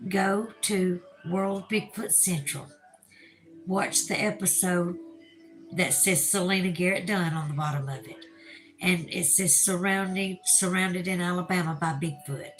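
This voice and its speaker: A woman's voice: fairly low pitch, rough recording. A woman with a Southern US accent hosting a casual livestream, reading viewer comments aloud in a chatty way and laughing often. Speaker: livestream host.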